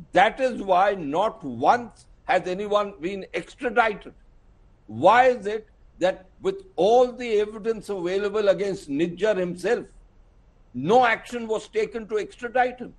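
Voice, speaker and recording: Forceful high-voiced Indian man debating. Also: expressive, slow. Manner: forceful, argumentative, rhetorical questions. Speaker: panelist. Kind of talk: televised news debate.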